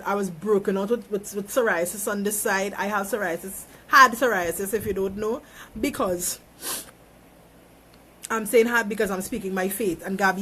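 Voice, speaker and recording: A woman's voice: medium pitch, a bit bright, breathy edge. A woman talking on a phone live stream, giving an emphatic, preachy motivational monologue and repeating phrases for effect. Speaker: small business owner.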